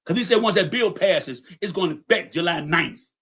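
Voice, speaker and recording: With a high-pitched, expressive, slightly bright voice at normal speed, a man hosting a podcast livestream delivers a confrontational, profane, angry rant, repeating his points for emphasis.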